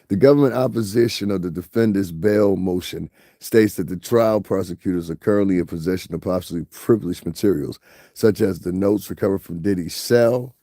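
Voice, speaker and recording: A man with a deep, dark voice talks through his commentary in a loose, rambling way, circling back to the same tag phrase and breaking into laughter. The sound is dry and close. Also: a little fast, no room sound. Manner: rambling, repeats "you know what I'm saying", laughs often. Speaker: commentary vlogger. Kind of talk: casual commentary.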